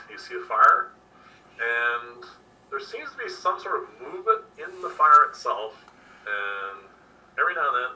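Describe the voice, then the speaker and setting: Bright-voiced man running a tabletop game. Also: lowish voice. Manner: relaxed descriptive narration with many fillers. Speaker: game master. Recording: distant mic with faint noise.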